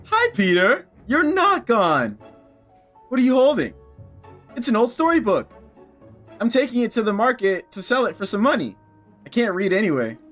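A jumpy, wide-eyed young villager, voiced by a man in a game, pitched up high and swinging brightly through his lines. Eager and easily spooked, he speaks with lively, rising inflection. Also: normal speed, long pauses, faint music behind. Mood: cheerful.

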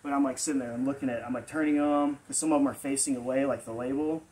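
A man's voice: medium pitch, fairly even intonation, fast, a little mellow, a little hiss or hum, rough recording. Rambling man telling a story. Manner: rambling, full of fillers. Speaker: vlog storyteller. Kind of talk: casual personal storytelling.

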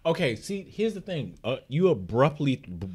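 A man's voice: medium pitch, very animated, moderate pace, a little mellow. A man co-hosting a casual podcast, teasing and joking in loose slangy talk. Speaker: podcast co-host.

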